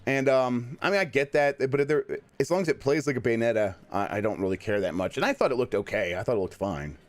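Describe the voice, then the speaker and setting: A man co-hosting a podcast in casual chat, wry and rambling, often trailing off into low mutters. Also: lively intonation, fast. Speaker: podcast co-host.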